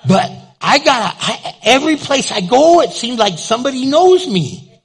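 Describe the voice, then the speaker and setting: A man's voice: very high voice, normal speed, slightly rough. An older man preaching a sermon as pastor, telling stories and acting out the people in them. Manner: animated, acts out the people in his stories. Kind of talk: storytelling sermon.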